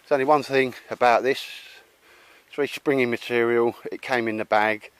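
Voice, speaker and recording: A man's voice: medium pitch, fairly even intonation, moderate pace, smooth, no echo. A man with a Cockney accent chatting casually outdoors while showing a tarp shelter, laddish and calling everyone mate. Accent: London Cockney. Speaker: outdoor gear vlogger. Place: outdoors at a campsite.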